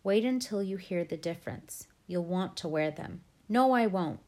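A woman's voice: fairly low pitch, lively intonation, moderate pace, darkish tone, close to an everyday voice. A woman voicing an upset ten-year-old boy who whines and protests. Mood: miserable. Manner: whining, protesting.

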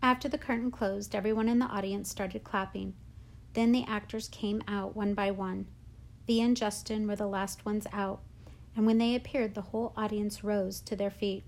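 A woman hosting a read-aloud, narrating a novel with clear, expressive storytelling. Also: mid-range voice, normal speed.

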